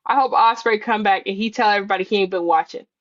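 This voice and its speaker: A woman's voice: medium pitch, fast, no echo, dull audio. A woman co-hosting a podcast, talking casually in a blunt, wry and profane way. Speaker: podcast co-host. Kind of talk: casual wrestling chat.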